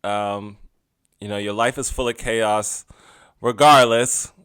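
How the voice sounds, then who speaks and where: A young adult man hosting a solo podcast in a casual, chatty way, laughing often and drifting between loud asides and quiet musing. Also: lowish voice, fairly even intonation, takes it slowly, clear, resonant tone, no echo, clean studio sound. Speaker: podcast host.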